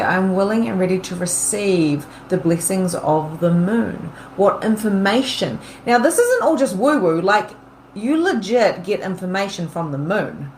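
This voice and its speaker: A woman hosting a podcast as a medium and coach, talking casually and acting out worried inner voices. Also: on the low side. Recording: roomy with faint background noise.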